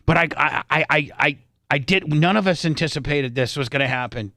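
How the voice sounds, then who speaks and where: A man's voice: fairly high pitch, fairly quick, sharp tone, dry recording. A man hosting a radio talk show, reading out legal statutes in a studio with stammering restarts.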